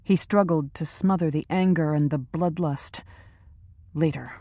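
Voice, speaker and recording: A woman narrating a suspense thriller audiobook in a measured, dark-toned reading. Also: deep voice, dry recording.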